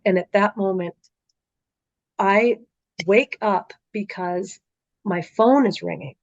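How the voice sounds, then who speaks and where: A woman's voice: mid-range voice, a little slow, dry recording. A middle-aged woman on a podcast as a guest, recounting a dream in vivid, conversational storytelling with frequent fillers, on slightly muffled audio. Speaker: podcast guest, author and speaker.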